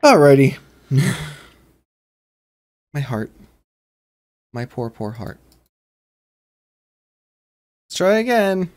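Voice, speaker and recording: A man of middle pitch commentates his way through a horror game. He rambles from one thought to the next and breaks into sudden shouts when something jumps out at him. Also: very animated, extremely slow, pauses often. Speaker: gaming channel host.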